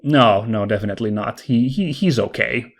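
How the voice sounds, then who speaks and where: A man co-hosting a casual video game podcast chats with enthusiasm, thinking aloud as he talks. His voice is medium in pitch and his pace moderate.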